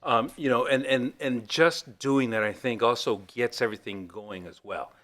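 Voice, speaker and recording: A man's voice: mid-range voice, moderate pace, a bit bright. A man co-hosting a church ministry talk show, chatting enthusiastically and affirming his partner. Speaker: co-host. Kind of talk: conversational church podcast.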